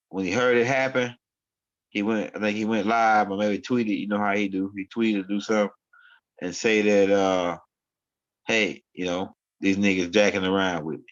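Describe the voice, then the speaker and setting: A man hosting his own online show, rambling through casual commentary in street slang and often repeating himself. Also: on the low side. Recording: dull lo-fi sound.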